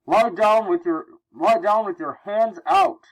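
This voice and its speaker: A man's voice: sits high, a little slow, gravelly, pitched above the performer's own voice, rough recording. A man reading aloud as a stern male police officer barking orders. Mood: commanding.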